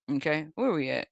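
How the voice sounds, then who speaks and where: Mocking, animated host, cursing freely. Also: medium pitch, vocal fry, no room sound, lo-fi sound. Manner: mocking, laughs often, coarse slang. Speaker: tarot channel host. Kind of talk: profane mocking commentary over images.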